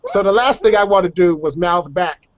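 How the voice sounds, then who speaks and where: Chatty high-voiced man on a lo-fi call. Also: animated, normal speed. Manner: chatty, laughs often, acts out voices of others. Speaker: guest telling personal stories. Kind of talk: casual storytelling on a video call show. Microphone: video call microphone.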